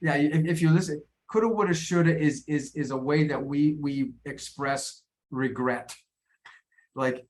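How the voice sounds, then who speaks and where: An American man leads an online English lesson at a middle pitch. He explains patiently but haltingly, stumbling over and repeating his words as he goes. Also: steady tone. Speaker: English teacher.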